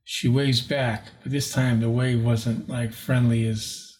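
Older guy in his 60s rambling thru a story, mid pitch, doing little voices for people. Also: level tone, slow, a little mellow. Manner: rambling, acts out quoted voices. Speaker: paranormal investigator guest. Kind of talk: storytelling in an interview.

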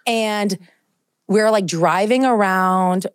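A woman's voice: medium pitch, slow pace, clear, resonant tone, dry recording, studio quality. A young woman co-hosting a podcast, telling a long story in casual chat and filling it with "like". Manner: animated storyteller, heavy use of "like". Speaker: podcast co-host.

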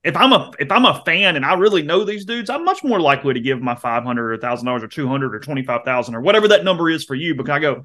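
A man's voice: fairly high pitch, big pitch swings, pushed and bright. A man co-hosting a sports podcast, talking casually and leaning on filler phrases. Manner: rapid, conversational, lots of "I mean". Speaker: podcast co-host.

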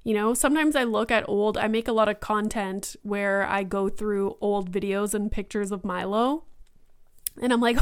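A woman in her thirties hosts her podcast alone and rambles through her thoughts, stacking filler words as she goes. Her voice is smooth and clean, sitting right in the middle of the usual pitch for women. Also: steady tone, moderate pace. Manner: rambling, thinking aloud with many fillers. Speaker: podcast host. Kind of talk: casual solo monologue.

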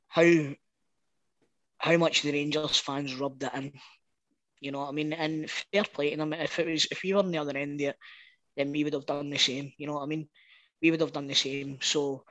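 A man's voice: a little high, fairly even intonation, moderate pace, long pauses, a bit bright, dry recording, low-quality recording. A young Scottish man co-hosting a casual podcast chat, earnest and fond of asking "you know what I mean". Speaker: podcast co-host. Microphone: podcast microphone.

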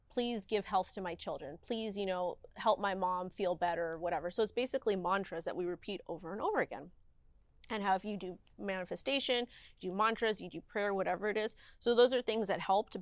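A woman's voice: medium pitch, no room sound. A woman in her thirties, a guest in an interview, talking candidly and emphatically, with lots of "like" and quoted asides. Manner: emphatic, animated, heavy use of "like".

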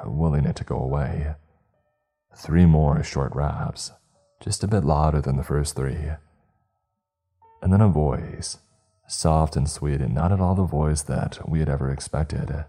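Very deep, husky male horror narrator. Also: dark tone. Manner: measured, suspenseful first-person telling.

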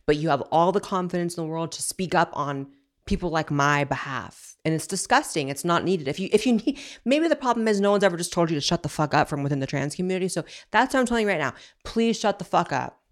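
A woman host delivering fired-up commentary in a fairly low voice, blunt and sarcastic throughout. She rants straight at her audience, with a faint clicking somewhere in the background. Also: expressive, quick pace. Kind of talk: opinionated commentary.

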